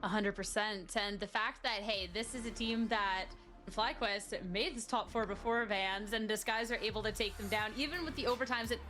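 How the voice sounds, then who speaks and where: A woman's voice: mid-range voice, moderate pace, a bit bright, soft background music. A woman hosting an esports desk, cheerful and laughing as she talks with co-casters.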